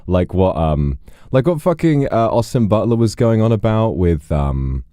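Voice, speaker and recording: Deep, dark-voiced male streamer. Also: sing-song, normal speed, no echo, clean studio sound. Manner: rambling, many fillers and restarts. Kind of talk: casual chat with viewers.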